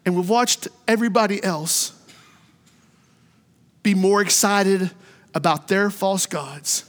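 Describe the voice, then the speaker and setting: High-voiced fervent preacher man. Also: slow pace, pauses often, big-room sound. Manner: fervent preaching, rising to shouts then dropping low. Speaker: pastor. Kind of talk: sermon. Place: church sanctuary.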